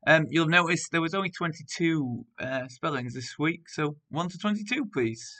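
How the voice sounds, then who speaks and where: A man's voice: fairly high pitch, lively intonation, bright, forceful tone. A man teaching primary school, reading out a spelling test word by word with example sentences. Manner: clear, deliberate word-by-word dictation with example sentences.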